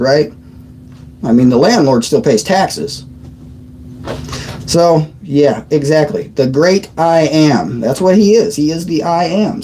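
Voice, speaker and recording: A man's voice: a little high, dark tone, breathy edge, low-quality recording. A man in his thirties hosting a casual livestream chat from his desk, rambling and trailing off mid-sentence. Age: 30s. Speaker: livestream host. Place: at a desk on a squeaky old chair.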